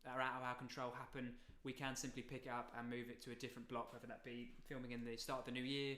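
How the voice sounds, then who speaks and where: Fast-talking Estuary English man. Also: medium pitch, level tone, sharp tone. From London. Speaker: co-host. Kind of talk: casual livestream chat. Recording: echoey room.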